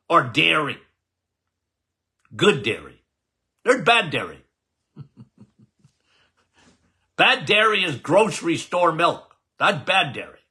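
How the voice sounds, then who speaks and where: A man's voice: fairly high pitch, sharp tone. An older man, a doctor hosting a podcast, talking casually and emphatically to his listeners, repeating himself for effect. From Canada. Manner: emphatic, repetitive, folksy, addresses listeners as guys. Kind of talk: casual health talk to listeners.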